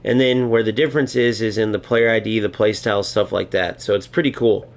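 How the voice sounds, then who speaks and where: A man's voice: fairly low pitch, steady tone, brisk. A man talking casually while streaming a football video game, chatty and laid-back, often checking in with "right?" and "bro". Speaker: gaming streamer. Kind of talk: casual live-stream commentary.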